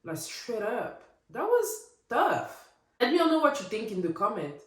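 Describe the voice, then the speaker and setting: A woman's voice: mid-range voice, a little fast. Opinionated woman vlogger in an echoey room. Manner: opinionated, animated, rhetorical. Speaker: recap vlogger. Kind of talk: casual reality TV recap.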